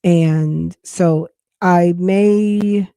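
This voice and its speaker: A woman hosts a chatty live podcast, her voice getting hoarse. Her tone is low and mellow, and she rambles and restarts as she talks. The sound is dry and close. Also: steady tone, drawn-out words, no room sound. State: losing her voice. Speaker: podcast host. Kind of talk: casual live-stream chat.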